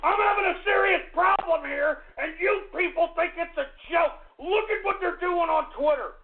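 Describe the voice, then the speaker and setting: A man's voice: very high voice, normal speed. A man hosting a radio talk show, ranting in an agitated, swearing, stammering way. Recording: tinny phone-like radio audio.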